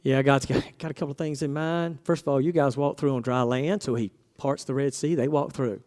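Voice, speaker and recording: A man's voice: mid-range voice, fairly even intonation, brisk, a little mellow. A man preaching a casual sermon, asking his congregation questions and acting out quoted voices.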